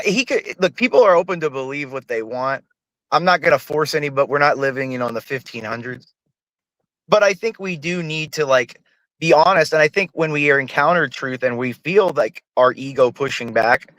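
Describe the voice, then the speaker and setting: A man's voice: medium pitch, a bit bright, no echo, low-quality recording. Male guest on a livestream, eager and rambling, dry, close-up sound, mid-range voice. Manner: rambling, eager, keeps addressing the host by name. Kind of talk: casual chat.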